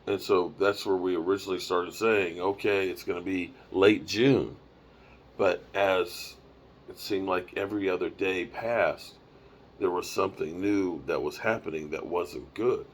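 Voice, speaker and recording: A man's voice: low-pitched, fairly even intonation, measured pace, a little hiss or hum. A man in his fifties, tired and rambling, talking casually on a live stream from the road through a microphone and small mixer. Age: 50s. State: tired, yawning. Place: on the road, mobile setup.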